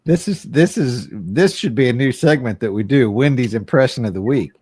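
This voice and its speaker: A man's voice: mid-range voice, animated, normal speed, a little mellow, breathy edge, no echo. A man co-hosting a comedy podcast, ranting in a profane, curmudgeonly way. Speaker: podcast co-host. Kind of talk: casual comedy podcast chat.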